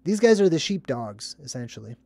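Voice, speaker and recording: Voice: mid-range voice, brisk, vocal fry, dry recording. Rambling movie-decoding vlogger, dry sound. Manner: animated, rambling, acts out scenes in put-on voices; conspiratorial, keeps asking "right?". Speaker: movie commentary host. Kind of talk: casual movie breakdown commentary.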